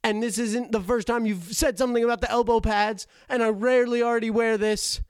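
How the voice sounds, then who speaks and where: A man's voice: extremely high pitch, fairly even intonation, fairly quick, smooth, no room sound, clean studio sound. A young man hosting a podcast from his attic, rambling in a self-deprecating, jokey way with frequent stammers and asides. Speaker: podcast host. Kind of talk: rambling comedic podcast monologue.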